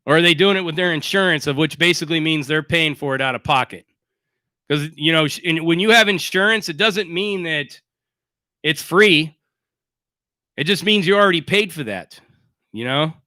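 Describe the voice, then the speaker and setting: Sarcastic, blunt high-voiced man. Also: moderate pace, sharp tone, no room sound, clean studio sound. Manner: sarcastic, blunt, swears freely. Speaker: livestream host. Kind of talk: casual livestream rant.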